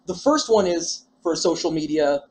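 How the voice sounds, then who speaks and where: A young man with a high voice talks through a casual podcast chat. He rambles from story to story and jokes around. He laughs often. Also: expressive, moderate pace, rough recording. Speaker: podcast co-host. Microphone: handheld ball microphone, sometimes held away.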